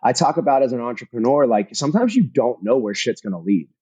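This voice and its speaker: A man talking as a guest in a casual interview, energetic and emphatic, swearing casually and repeating phrases for punch. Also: medium pitch, quick pace, breathy edge, dry recording, poor audio. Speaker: podcast guest, fitness entrepreneur.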